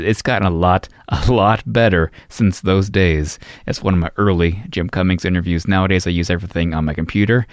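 Deep-voiced man hosting a podcast. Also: no echo, studio quality. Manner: enthusiastic, chatty asides to listeners. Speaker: podcast host. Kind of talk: casual podcast commentary.

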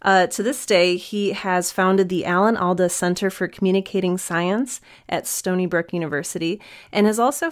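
Female host, eager and friendly, introduces the guest and asks questions. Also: lowish voice. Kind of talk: interview hosting.

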